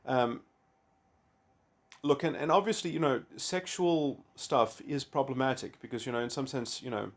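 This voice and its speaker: Male essayist, mid-pitched, meandering, stop-start delivery full of restarts. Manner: halting, full of restarts and "you know". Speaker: video essayist. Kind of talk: rambling philosophical monologue.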